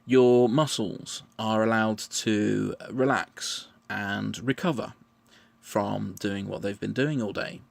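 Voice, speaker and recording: A man explaining his answers in a measured, patient monologue, often restarting his phrases. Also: on the low side, fairly even intonation, creaky, dry recording. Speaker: vlogger answering questions.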